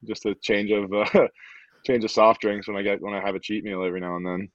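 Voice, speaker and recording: A young man answering interview questions in a relaxed way, often repeating words. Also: fairly low pitch, brisk, no room sound. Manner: relaxed, repeats words, frequent "you know". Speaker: rugby player guest. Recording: dull dry sound, lo-fi.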